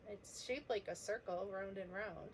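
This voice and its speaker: A woman teaching a preschool letter lesson, gently sounding out each letter for young children. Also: medium pitch, normal speed, a little hiss or hum.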